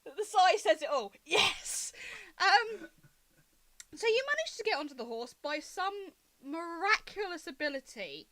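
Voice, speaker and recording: A woman narrating as game master of a tabletop game, lively and laughing, with frequent ums. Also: very high-pitched, measured pace.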